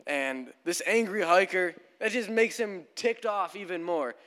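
A man's voice: high-pitched, unhurried, a bit bright. A young male pastor preaching a sermon in a casual, storytelling manner in a church. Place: church sanctuary. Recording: long church hall reverb.

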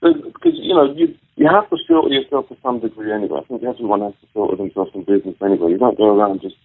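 A man's voice: on the low side, very animated, racing, gravelly, breathy edge, no room sound. Candid man on a tinny line. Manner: candid, talks in restarts and asides. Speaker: podcast guest. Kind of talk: casual interview. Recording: tinny phone-like remote audio, dry.

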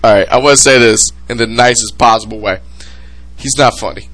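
A man hosting a casual podcast chat, excitable and prone to loud laughing outbursts. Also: mid-range voice, fairly quick. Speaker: podcast host.

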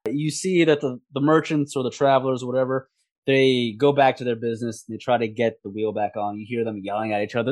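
A man's voice: mid-range voice, flat delivery, fast talker, a little mellow, no echo. A man running a tabletop role-playing game as game master, narrating the scene and voicing the figures himself. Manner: descriptive, voices the figures himself.

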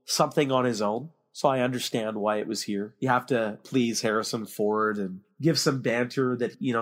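A man hosting a casual movie discussion podcast, giving strong opinions and steering the talk with questions. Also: medium pitch. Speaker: podcast host.

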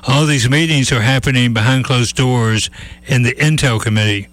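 A man's voice: mid-range voice, moderate pace, fairly bright tone. A man hosting a call-in radio show, chatty and folksy, with many restarts. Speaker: radio talk show host.

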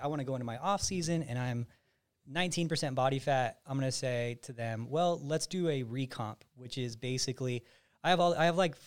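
A man, a physique coach and podcast host, explaining his methods in casual chat and often restarting sentences. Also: medium pitch. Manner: explains at length with frequent restarts.

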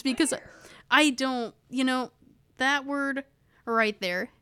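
A woman's voice: high-pitched, slow, sharp tone, clear, resonant tone, no room sound. A woman co-hosting a casual podcast, chatting and reading from notes, rambling and stumbling over hard words while she laughs along. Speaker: podcast co-host.

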